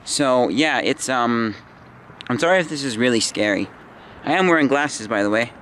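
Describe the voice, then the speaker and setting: A tired young man in his twenties rambles through a personal story, stopping and restarting often. His voice sits at an ordinary pitch, with faint traffic noise outside behind him. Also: expressive, a bit bright. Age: 20s. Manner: halting, meandering, many restarts and fillers. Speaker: vlogger.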